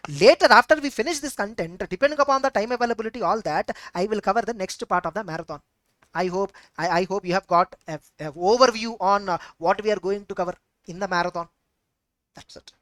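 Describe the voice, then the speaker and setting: A woman's voice: medium pitch, fast talker, fairly bright tone, no echo. A woman with an Indian English accent teaching an online exam-prep lecture, emphatic and repetitive, posing rhetorical questions.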